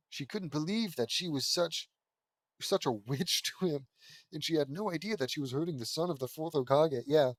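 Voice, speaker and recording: A sarcastic host reads a fan fiction aloud and keeps stopping to mock it, laughing often. The voice sits in a middle pitch and is recorded close and dry, with almost no room sound. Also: no room sound. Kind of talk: comedic reading with commentary.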